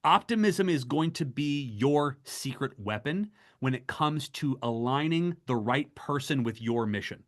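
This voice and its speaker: A man's voice: mid-range voice, measured pace, few pauses. A middle-aged man presenting a fundraising webinar, speaking emphatically and urging his listeners on. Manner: emphatic, exhorting, animated. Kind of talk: motivational webinar talk.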